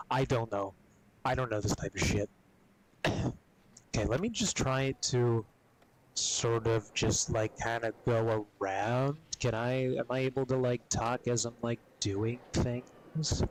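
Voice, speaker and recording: A man streaming games, chatting casually and rambling with a lot of swearing, coughing and clearing his throat often. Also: mid-range voice, rough recording. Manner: profane, rambling, laid-back. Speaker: gaming streamer.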